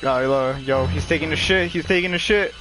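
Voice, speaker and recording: A man's voice: on the high side, a little fast, over music. A young man streaming a game live, chatting casually with friends, swearing and laughing often. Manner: profane, laughing, excitable banter. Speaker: livestreamer. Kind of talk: casual gaming livestream chat.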